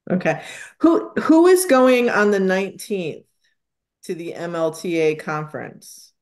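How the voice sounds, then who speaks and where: A woman's voice: fairly low pitch, animated, measured pace. A woman, a board trustee, speaking briefly and in a friendly, practical way at a public board meeting.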